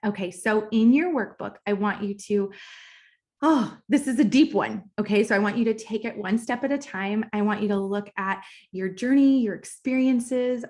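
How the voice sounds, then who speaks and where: A woman's voice: mid-range voice, darkish tone. A woman in her thirties, a business coach, tells her personal story in a casual, candid way in a recorded course module, sometimes getting emotional and emphatic. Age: 30s. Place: at home, kitchen nearby.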